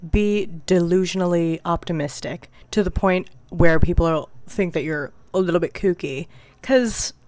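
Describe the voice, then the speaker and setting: A speaker telling a short story to camera in a wry, deadpan way. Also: medium pitch, clear, resonant tone, no echo.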